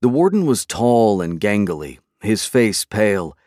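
A man narrates a story in a measured, dramatic way, his voice on the lower side. The recording is dry and close, with no room sound. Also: big pitch swings, dark tone, no room sound. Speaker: audiobook narrator. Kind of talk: scripted narration.

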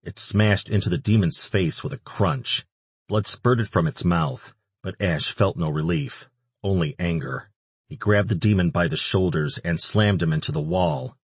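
Deep husky guy narrating a story, steady pace, dry sound. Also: unhurried, no room sound. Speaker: audiobook narrator. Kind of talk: scripted narration.

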